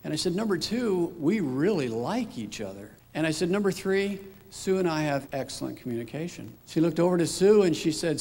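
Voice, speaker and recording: A middle-aged man, a father, telling his personal story in a reflective, unhurried way. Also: on the high side, very animated, darkish tone. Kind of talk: personal testimony. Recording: long hall reverb.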